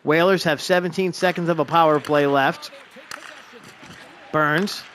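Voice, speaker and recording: A man giving excited play-by-play of a hockey video game he is playing, openly rooting for his team. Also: fairly high pitch, a little slow, a little hiss or hum.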